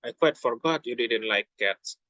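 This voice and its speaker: A man's voice: medium pitch, sharp tone, dry recording, muffled recording, close to an everyday voice. Alice, a young man reading a chatty little girl. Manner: halting, stumbling over words. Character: polite, curious little girl, chatty and flustered.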